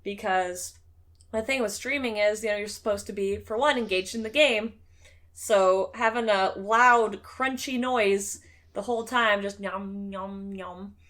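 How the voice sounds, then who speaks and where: A woman's voice: mid-range voice, unhurried, a bit bright. A woman hosting a casual chat show, talking in a chatty, joking way and swearing casually. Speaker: streamer and show host.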